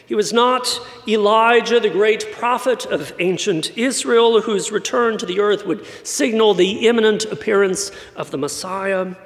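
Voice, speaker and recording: A man's voice: sits high, measured pace, few pauses. A man from San Antonio preaching a sermon in a wry, conversational way. His light voice is often mistaken for British. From San Antonio, Texas. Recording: long church reverb.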